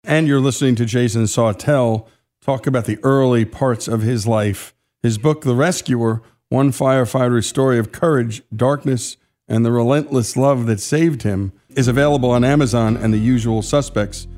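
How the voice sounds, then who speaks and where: A man hosting a radio story show and reading a smooth, scripted wrap-up to the break. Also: mid-range voice, moderate pace. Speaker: host. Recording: soft guitar music underneath.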